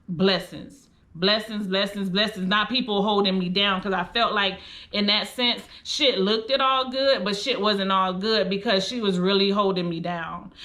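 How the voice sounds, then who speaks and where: Bright-voiced woman telling a raw story. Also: medium pitch. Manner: candid and blunt, heavy cursing, heartfelt. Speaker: vlogger telling a personal story. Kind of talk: emotional storytime monologue.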